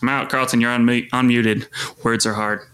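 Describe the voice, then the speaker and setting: A young man bantering on a podcast. He ribs his friends and fumbles the occasional long word. His voice sits at an average pitch. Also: little pitch movement, moderate pace, a bit bright, clear, resonant tone. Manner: teasing, fumbles big words. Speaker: podcast co-host.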